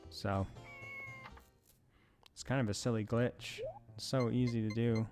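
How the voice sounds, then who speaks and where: A man's voice: mid-range voice, steady tone, a little slow, darkish tone, faint music behind. A man giving casual commentary as he plays a farming game, rambling with self-amused asides. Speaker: let's play host.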